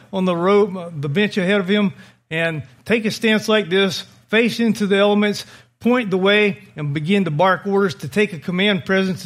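Male preacher, higher-pitched, vivid storyteller in the pulpit. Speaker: pastor. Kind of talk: sermon.

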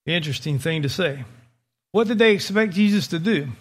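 Male preacher, higher-pitched, vivid storyteller in the pulpit. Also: expressive, a little fast. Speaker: pastor. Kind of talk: sermon.

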